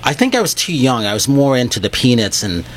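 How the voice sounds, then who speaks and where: A man hosts a radio chat show, his pitch rising and falling a lot as he talks and laughs. There is faint noise behind him. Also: brisk. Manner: laughing, animated, takes calls.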